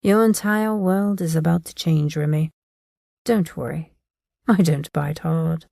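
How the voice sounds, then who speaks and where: A woman reading as a cool, confident young male monster hunter in an audiobook, speaking softly and smugly. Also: deep voice, measured pace, creaky, dry recording, clean studio sound. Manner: soft, smug, teasing.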